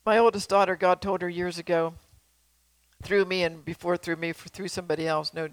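A woman's voice: on the low side, steady tone, fairly quick, dry recording, poor audio. An older woman preaching in a folksy, emphatic way, repeating phrases and asking her listeners questions. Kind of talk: sermon with prophecy.

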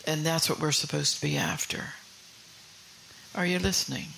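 A man's voice: a little high, big pitch swings, moderate pace, gravelly, sharp tone, a little hiss or hum, rough recording. A man preaching a sermon with fervour, firing rhetorical questions at the congregation and dropping to whispers for emphasis.

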